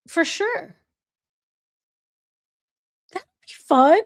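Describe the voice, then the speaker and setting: A woman with a bright, high voice chats casually on her own livestream. She reads out viewer comments and greets each viewer by name. She is bubbly and laughs easily. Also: expressive, slow pace, long pauses. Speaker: livestream host.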